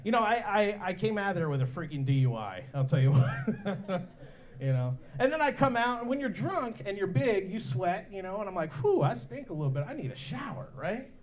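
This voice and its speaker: A man performing a stand-up comedy set at a bar, telling stories and jumping into voices for the people in them. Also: moderate pace. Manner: animated, jumps into high-pitched voices for other characters. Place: bar and grill comedy night.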